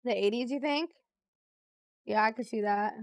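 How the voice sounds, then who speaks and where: Chatting casually with viewers during a trivia game stream, a woman speaks at normal speed in a voice on the high side. The studio sound is clean with no room sound, and she reads the clues out and laughs easily.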